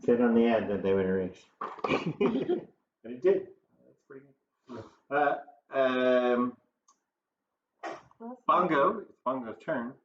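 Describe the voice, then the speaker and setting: A man runs a tabletop game at the table, relaxed and casual, chuckling between rulings. The room echoes and the audio is dull, with a faint hiss underneath. His pitch sits in an ordinary middle range. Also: slow pace, long pauses. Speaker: game master. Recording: roomy, dull home recording with faint noise.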